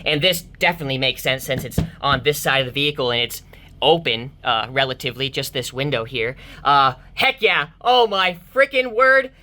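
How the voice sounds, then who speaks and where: A woman vlogging car audio tests from inside a car, excitable and exclaiming to her viewers as she talks through the results. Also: extremely low pitch, brisk, slight background noise. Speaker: car audio enthusiast testing subwoofers. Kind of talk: excited vlog commentary.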